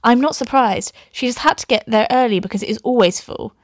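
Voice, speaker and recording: A young woman reads her old story aloud and keeps stopping to mock it, laughing and swearing as she goes. Her voice sits fairly high, and the recording is close and dry, with no room sound. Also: fairly quick, dry recording. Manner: laughing, sweary, self-mocking asides. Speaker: host reading her own old story. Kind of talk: comic reading with commentary.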